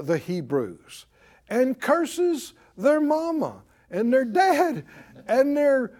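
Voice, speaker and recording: Animated preacher man, lively high voice. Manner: animated storytelling, acting out voices. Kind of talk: sermon.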